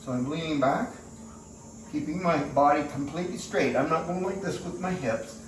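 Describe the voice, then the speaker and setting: A man's voice: fairly high pitch, moderate pace. A man leading an exercise demonstration at home, in a chatty, folksy way with jokey asides to himself. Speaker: fitness instructor. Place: at home in a bedroom and by a doorway. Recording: echoey room, distant mic, faint hiss.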